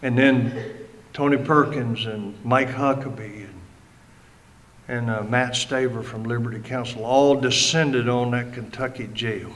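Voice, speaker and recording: A man's voice: medium pitch, steady tone, a little slow, a bit bright, rough recording. An older man and ordained minister preaching passionately to a live audience, telling a story with emphasis and acting out the quoted voices. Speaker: guest speaker and ordained minister.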